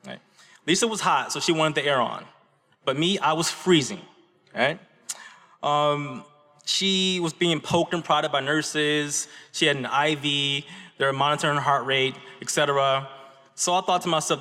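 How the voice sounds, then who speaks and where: A man's voice: a little high, normal speed, bright, forceful tone. A man from Michigan giving a graduate convocation speech at a podium, telling a story earnestly and tossing in "right?" asides to the audience. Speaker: graduate student speaker. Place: large auditorium. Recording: echoey auditorium reverb.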